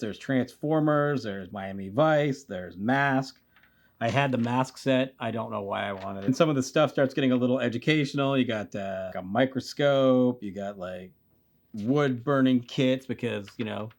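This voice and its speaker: A man in his forties hosting a casual, rambling commentary full of fillers. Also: mid-range voice. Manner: rambling, filler-heavy, relaxed. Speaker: host.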